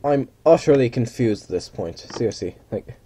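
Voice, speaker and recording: A man's voice: mid-range voice, expressive, moderate pace, mellow, a little hiss or hum. A man giving casual, rambling commentary while playing a flight simulator. He mutters and mocks himself, and now and then slips into mock pilot announcements.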